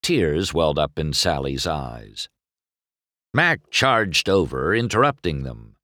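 A man reading a children's storybook aloud in an expressive, unhurried way. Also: rumbling low, no room sound, clean studio sound. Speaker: storybook narrator.

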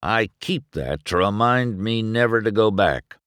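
Gruff older race car, voiced by a man. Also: lowish voice, lively intonation, measured pace, a bit bright, no room sound, clean studio sound. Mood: stern bitter. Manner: grumbling, stern, weary.

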